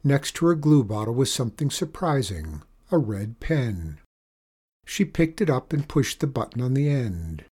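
A man reads a children's story aloud in a steady storytelling delivery. His voice is husky and sits at an average pitch. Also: unhurried. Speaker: narrator.

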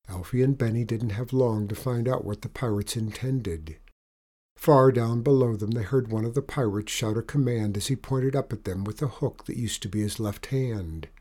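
Mellow-voiced man reading a story aloud. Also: mid-range voice. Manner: expressive, animated story reading. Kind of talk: storybook read-aloud narration.

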